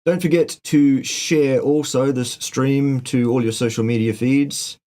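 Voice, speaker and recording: A man's voice: mid-range voice, fairly even intonation, a little slow, dark tone. A man hosting a live Q&A chat, joking, sardonic and swearing freely. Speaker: show host.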